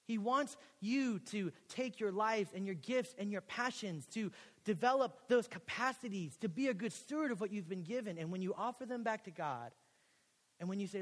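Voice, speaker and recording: A young man from Texas, a pastor preaching a sermon in a college chapel, telling a story and acting out the dialogue with lively, casual energy. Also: sits high, moderate pace. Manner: animated storytelling, acts out quoted dialogue. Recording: long hall reverb.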